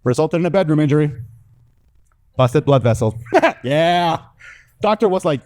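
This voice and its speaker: A young man from Mexico performs stand-up, telling lively stories from a stage. His voice sits fairly high for a man. He leaps up in pitch whenever he acts out the people in his tales. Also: moderate pace, pauses often. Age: young adult. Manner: animated storytelling, acting out others' voices with big pitch jumps. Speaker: stand-up comedian. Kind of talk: stand-up comedy set. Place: comedy stage before a live audience.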